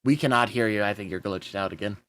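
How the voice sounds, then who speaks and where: Bright-voiced man running a tabletop game. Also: fairly low pitch, fast, no room sound. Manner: swears casually, laughs mid-sentence. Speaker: game master.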